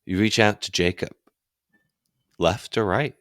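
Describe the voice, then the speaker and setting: A man narrating a tabletop horror game as game master, in slow, measured speech and with questions to the player. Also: fairly low pitch, fairly even intonation, fairly bright tone, no echo, clean studio sound.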